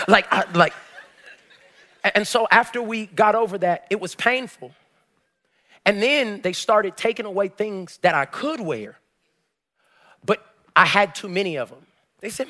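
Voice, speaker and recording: A man preaching as pastor, telling a personal story and building to shouted exhortation. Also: sits high. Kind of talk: sermon.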